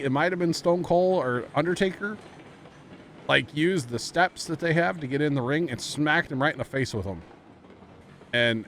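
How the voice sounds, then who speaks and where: Rambling streamer man with background noise. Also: mid-range voice. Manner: rambling, animated storytelling with many fillers. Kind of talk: casual chat while streaming a game.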